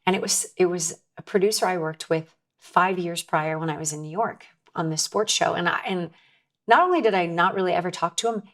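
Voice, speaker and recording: A woman's voice: fairly low pitch, fairly quick, a bit bright. A woman guest telling a personal story in an earnest, candid way, often restarting her sentences. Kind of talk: conversational storytelling.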